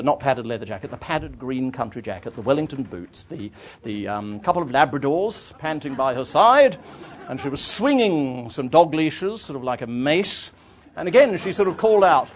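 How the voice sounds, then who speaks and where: A man, an author, telling travel anecdotes to an audience in a lively, self-deprecating way, often restarting his phrases. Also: mid-range voice. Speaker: author giving a talk.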